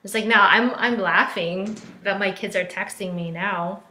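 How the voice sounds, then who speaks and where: A woman's voice: medium pitch, fairly even intonation, unhurried, pushed and bright, slight background noise. A woman in her thirties, a life coach, talking candidly on a live stream, chatty and full of fillers, acting out what others said. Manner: candid, chatty, many fillers, acts out quotes. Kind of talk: casual live-stream talk. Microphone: phone or laptop for a live stream. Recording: roomy echo.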